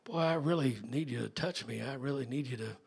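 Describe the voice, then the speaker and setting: A middle-aged man preaching a sermon as pastor, emphatic, swinging from soft to loud. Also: mid-range voice, fairly quick, gravelly, slightly rough.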